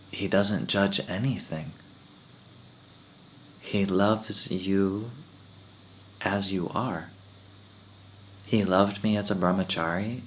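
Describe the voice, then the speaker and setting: A man giving a spiritual talk as a swami, telling personal stories in a relaxed way with frequent laughter. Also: sits low, a little hiss or hum.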